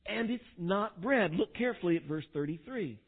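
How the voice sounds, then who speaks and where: A male pastor preaching a sermon, swinging from quiet asides to loud, dramatic quotations. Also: sits high, lively intonation, moderate pace, breathy edge. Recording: tinny phone-like sound.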